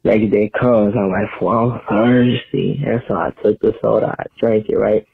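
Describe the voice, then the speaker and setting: A man's voice: on the low side, level tone, normal speed, vocal fry, breathy edge, no echo. A man telling a rambling, self-mocking story in a voicemail. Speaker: caller. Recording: tinny phone voicemail.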